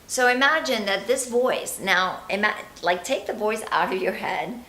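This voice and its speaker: A woman's voice: medium pitch, normal speed, fairly bright tone, reverberant, rough recording. A woman coaching on confidence, talking chattily and animatedly straight to the viewer. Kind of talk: motivational vlog talk.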